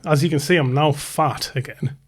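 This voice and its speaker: Guy on a podcast, bit high voice, swears a lot, jokey. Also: moderate pace, breathy edge. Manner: crude, joking banter. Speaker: podcast co-host. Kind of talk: casual chat.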